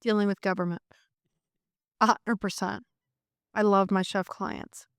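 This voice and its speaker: A woman's voice: mid-range voice, level tone, a little slow, smooth, dry recording, clean studio sound. A middle-aged woman from Colombia, chatting enthusiastically as an immigration attorney guest on a podcast. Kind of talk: casual interview chat.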